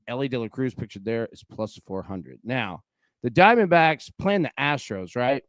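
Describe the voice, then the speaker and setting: A young man talks through a live sports-betting show with a pitch that bounces up and down. His delivery is chatty and animated, full of "dude" and "man". The sound is close and dry with no room around it. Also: moderate pace, dry recording. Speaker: host.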